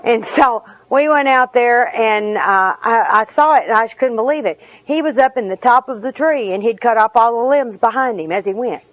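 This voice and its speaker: A woman's voice: a little high, normal speed, hardly any pauses. A middle-aged woman telling folksy, humorous personal stories at a recovery meeting, often laughing as she talks. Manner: folksy, laughing through her own stories. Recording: dull lo-fi recording with audience.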